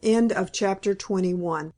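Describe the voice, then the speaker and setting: A woman reading a classic novel aloud as an audiobook narrator, in a measured, composed manner. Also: mid-range voice, warm tone.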